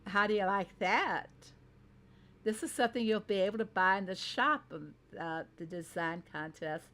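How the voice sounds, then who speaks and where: A woman speaks with a Southern American twang in an easygoing, mid-pitched voice. She hosts a casual reaction commentary, chatting with her viewers. She often breaks into laughter and teases herself. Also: moderate pace, fairly bright tone. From Southern United States. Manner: chatty, laughs often, self-deprecating asides. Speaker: host.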